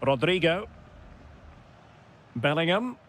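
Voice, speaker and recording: Male play-by-play caller for a football game: high, bright voice, clipped calls that rise when chances come. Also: takes it slowly. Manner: terse calls that swell into excited shouts on goals. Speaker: play-by-play commentator. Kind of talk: football video game commentary.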